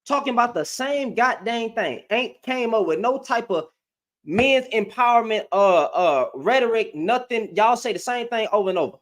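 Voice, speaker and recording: A man's voice: extremely high pitch, lively intonation, normal speed, fairly bright tone. A young man ranting through a reaction commentary at home into his webcam, repeating himself in disbelief. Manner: ranting, repeats phrases, incredulous. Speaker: commentary vlogger. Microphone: computer webcam.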